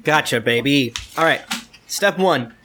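A man's voice: medium pitch, animated, measured pace, bright, forceful tone, slight background noise. A man narrating as game master in a tabletop game, rambling with lots of filler and chuckles.

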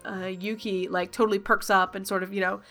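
Casting note: woman game master, chatty and casual, with soft music under her. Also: medium pitch, level tone, fairly quick. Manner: casual, chatty, many fillers. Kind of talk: narrating a tabletop role-playing game.

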